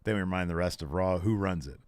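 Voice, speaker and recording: A man's voice: low voice, quick pace, darkish tone, no echo, clean studio sound. A man co-hosting a podcast in casual chat, retelling scenes and reading characters' lines with laughs. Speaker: podcast co-host.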